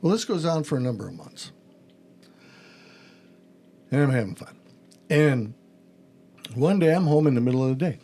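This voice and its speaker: A man's voice: medium pitch, lively intonation, normal speed, pauses often, dark tone. A middle-aged man, a pastor hosting a podcast, telling a story in a casual chat and acting out the phone calls in it.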